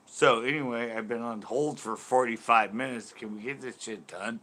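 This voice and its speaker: A man in his fifties hosting his channel, telling a story in casual chat, animated, laughing often and cursing freely. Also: medium pitch, normal speed, few pauses. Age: 50s. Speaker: host.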